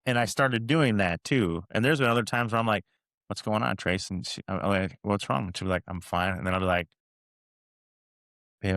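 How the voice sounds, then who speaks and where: A man's voice: deep voice, gravelly, fairly bright tone, no room sound. A man hosting a podcast, chatting casually about his marriage and retelling his own lines in quotes. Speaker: podcast host. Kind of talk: casual chat.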